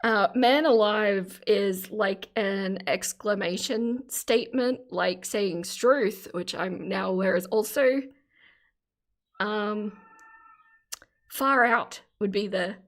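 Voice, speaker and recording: A woman's voice: mid-range voice, slow pace. A middle-aged Australian woman chatting casually on a live stream, reading out chat comments and laughing often.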